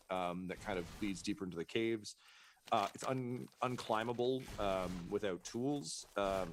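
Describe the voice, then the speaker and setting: A man's voice: fairly low pitch, a little hiss or hum. A man running a tabletop game as game master, describing the scene hesitantly with many fillers.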